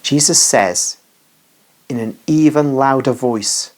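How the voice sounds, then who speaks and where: A narrator reading a devotional vision text in a measured, solemn way. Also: medium pitch.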